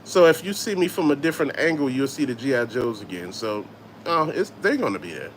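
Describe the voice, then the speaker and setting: A man's voice: medium pitch, big pitch swings, brisk. Man, middle-aged, Southern US accent, casual livestream host, rambling storyteller, curses a lot, faint background noise. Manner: laid-back, swearing, storytelling, reads chat aloud. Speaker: toy collector livestream host.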